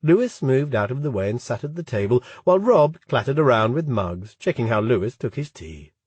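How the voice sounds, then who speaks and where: Brief: male audiobook reader, husky, steady, close and dry. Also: medium pitch, fairly quick, no room sound. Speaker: audiobook narrator. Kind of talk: scripted narration.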